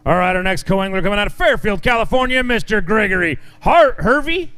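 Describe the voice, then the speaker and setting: A man's voice: high voice, fairly quick, a bit bright, clear, resonant tone. A man emceeing a fishing tournament weigh-in, announcing weights in an upbeat way and joking with the anglers.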